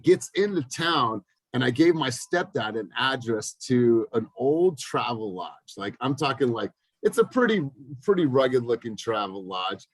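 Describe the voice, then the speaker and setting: A man's voice: mid-range voice, measured pace, dry recording, poor audio. A man in his thirties, a business coach leading a group call over video, telling stories with energy and acting out the voices of people in them. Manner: energetic storytelling with lively acted-out quotes.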